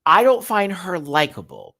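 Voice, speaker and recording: Male live-stream host, sassy and animated, swearing, wide swings in pitch, answers viewer chat. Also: moderate pace. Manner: sassy, animated, swears often, slips into campy impressions. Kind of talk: casual live-stream commentary.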